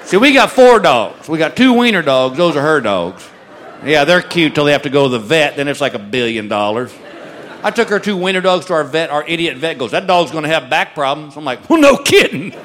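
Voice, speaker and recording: A man doing stand-up comedy with dry, deadpan storytelling. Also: fairly high pitch, brisk. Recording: live club, crowd and noise.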